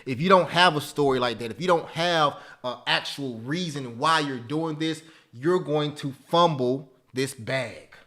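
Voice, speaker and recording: A man in his thirties hosting a live webinar, talking in an animated, preachy way that repeats phrases and keeps asking "right?" and "okay?". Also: on the high side, measured pace, hardly any pauses. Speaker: webinar host teaching stock options. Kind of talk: live webinar talk, motivational.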